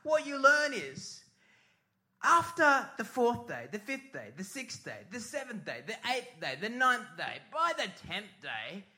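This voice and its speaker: A man's voice: very high-pitched, huge pitch swings, unhurried, pushed and bright. A middle-aged man preaching a sermon as pastor, telling a comic story with sung mimicry and put-on voices.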